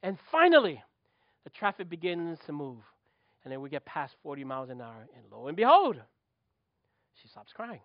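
A man's voice: on the high side, wildly swooping pitch, moderate pace, long pauses, no room sound, lo-fi sound. A middle-aged man, preaching a sermon as a pastor, telling a story with lots of rhetorical questions.

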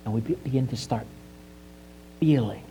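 A pastor shares his own story in an earnest, confessional sermon. He is a man from China whose voice sits at an ordinary middle pitch. He keeps restarting phrases and builds his emphasis as he goes. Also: normal speed, dark tone, a little hiss or hum. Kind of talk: personal testimony sermon.

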